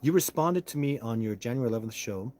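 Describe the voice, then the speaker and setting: A man hosting a live stream, answering chat in a rambling way that heats up into loud, indignant rants with cursing. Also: medium pitch, animated, quick pace, a little hiss or hum.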